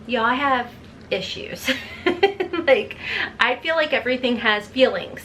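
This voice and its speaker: A woman's voice: fairly high pitch, normal speed, fairly bright tone, a little hiss or hum. A woman, chatting casually through a makeup tutorial in a rambling, self-deprecating way. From Kentucky. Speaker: beauty vlogger.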